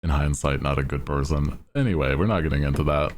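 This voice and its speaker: A man's voice: very deep voice, lively intonation, moderate pace, slight background noise. A male streamer chatting casually in a laid-back, slangy way and laughing often.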